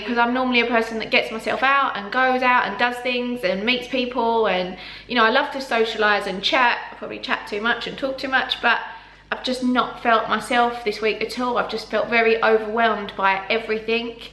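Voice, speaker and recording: A young woman vlogs about her pregnancy at home, her voice bright and a touch high. She talks in a loose, chatty way, scattering "like" and "um" through every sentence. The room around her sounds echoey. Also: steady tone, moderate pace. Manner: chatty, lots of "like" and "um" fillers. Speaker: vlogger. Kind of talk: casual pregnancy vlog.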